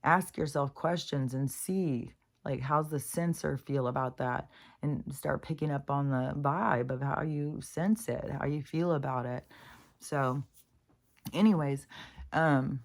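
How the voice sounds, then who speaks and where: A woman with a rumbling, gravelly low voice speaks at a measured pace in a casual, rambling spiritual vlog. She talks frankly to her viewers, swears freely, and sometimes launches into rants.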